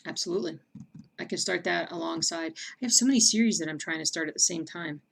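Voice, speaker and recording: Woman, livestream host, casual chat, gravelly, lowish voice. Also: fast talker. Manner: chatty, reads viewer comments aloud, bursts into excited yelling. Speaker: stream host.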